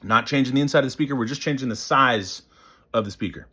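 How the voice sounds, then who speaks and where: Animated male voice coach. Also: medium pitch, quick pace, slightly rough. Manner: animated, demonstrates sounds and sings snippets. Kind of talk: casual instructional talk.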